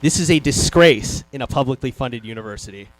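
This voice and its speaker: Fast-talking indignant young man. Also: medium pitch, expressive, rough recording. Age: young adult. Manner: indignant, rousing. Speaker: student club vice president. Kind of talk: rally introduction speech.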